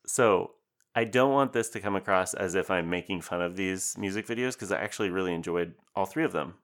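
A young man with a very deep, low-pitched voice co-hosts a casual podcast. He jokes around and rambles, often poking fun at himself as he talks. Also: brisk, fairly bright tone. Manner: joking, rambling, self-deprecating. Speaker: podcast co-host.

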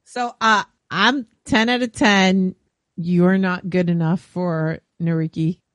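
A woman's voice: fairly low pitch, fairly even intonation, slow pace, dry recording, clean studio sound. A woman co-hosting a podcast, making wry, teasing remarks in casual chat. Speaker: podcast co-host.

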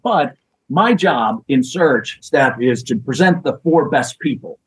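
Man, very husky voice, podcast guest, animated anecdotes. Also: medium pitch, unhurried, poor audio. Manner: lively anecdotes with acted quotes and laughter. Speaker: guest, executive search consultant. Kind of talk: storytelling in a podcast interview.

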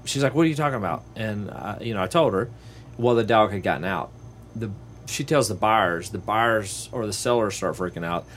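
Animated man telling a story. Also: brisk, a little hiss or hum. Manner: animated, acts out quoted voices in a higher pitch. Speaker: podcast host and real estate agent. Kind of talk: casual storytelling chat.

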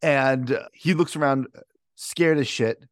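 A man's voice: medium pitch, takes it slowly, no room sound, studio quality. A man playing a tabletop game, narrating his character's scene casually and crudely. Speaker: player.

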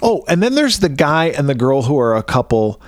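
A man's voice: medium pitch, big pitch swings, fairly quick, dry recording. Male podcast co-host, casual and crude, acts out scenes in goofy voices, dry close mic. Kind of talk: casual movie chat.

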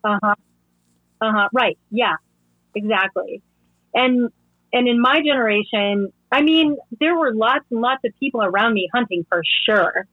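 Guest author, woman, somewhat high voice, casual, muffled remote audio. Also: slightly rough, dry recording. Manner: encouraging listener, quick short replies and laughs. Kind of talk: casual interview conversation.

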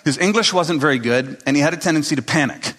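A man's voice: fairly high pitch, quick pace, a bit bright. A man preaching a sermon to a congregation in a casual, storytelling way, acting out the people in his stories. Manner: conversational storytelling, acting out quotes. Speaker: pastor. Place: church hall. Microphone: speaking to a live congregation. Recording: long reverb of a large hall.

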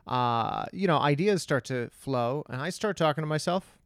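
A man, a comedian, rambling in casual podcast chat, self-deprecating and animated when telling stories. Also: a little high, moderate pace, smooth, dry recording, studio quality.

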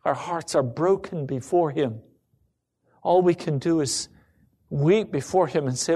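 Male preacher, sermon, slow deliberate delivery, slightly high voice, dramatic swings from loud to hushed. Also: slightly rough. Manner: dramatic, swings between ringing emphasis and hushed near-whisper.

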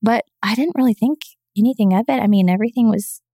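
A woman's voice: on the high side, fast talker, warm tone, dry recording, studio quality. A woman telling her personal story as a podcast guest, speaking earnestly and with emotion. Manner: acts out quoted voices. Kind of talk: personal testimony in an interview.

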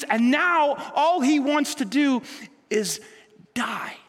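A male pastor preaching a sermon, shifting between loud emphatic lines and quiet, low ones. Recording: long reverb of a large hall.

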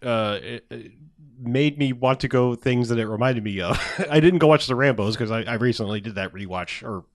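A man's voice: medium pitch, moderate pace, no echo, studio quality. A man co-hosting a casual movie review podcast, rambling through the plot and acting out lines from the villains. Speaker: podcast co-host.

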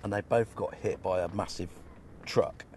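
Deep-voiced man calling in. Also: steady tone, normal speed, background noise. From England. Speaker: caller. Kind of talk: phoned-in story.

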